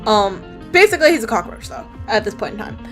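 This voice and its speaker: A woman's voice: fairly high pitch, big pitch swings, quick pace, music in the background. A woman casually recounting her comic's story while drawing, rambling with fillers and casual swearing. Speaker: comic artist.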